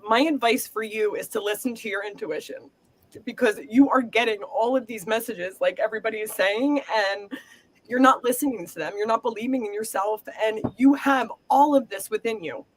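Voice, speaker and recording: A woman's voice: a little high, normal speed. Middle-aged lady psychic reader, emotional, earnest, reassuring, kinda chatty. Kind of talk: live group reading.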